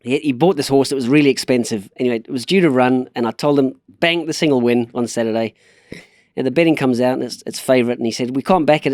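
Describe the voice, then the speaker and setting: A man raised in South Africa, a retired jockey talking as a guest, relaxed and hesitant, often restarting his words. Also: medium pitch, no room sound, studio quality. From England, raised in South Africa. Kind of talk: casual chat, storytelling.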